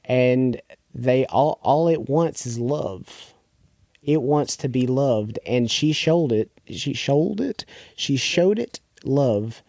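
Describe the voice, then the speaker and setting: This podcast co-host chats casually in a loose, rambling retelling, leaning on filler words and slipping into quick acted-out quotes. His voice is warm and mellow at an everyday pitch. The recording is close and dry, with no echo.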